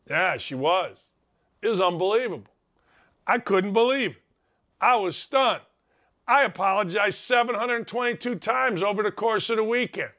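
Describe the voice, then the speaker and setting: A middle-aged man hosting a sports talk show, telling a story in an excitable, self-mocking way with loud exclamations. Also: high-pitched, moderate pace. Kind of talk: animated storytelling monologue.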